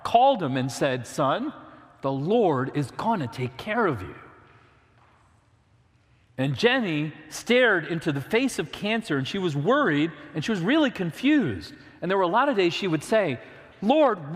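A man's voice: sits high, fairly bright tone, big-room sound. A man preaching a sermon, earnest and direct, asking the listeners questions and reading scripture aloud. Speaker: pastor.

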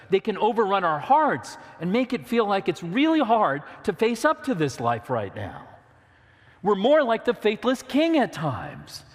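A man's voice: high-pitched, long reverb tail. A man preaching a sermon, earnest and direct, asking the listeners questions and reading scripture aloud. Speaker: pastor.

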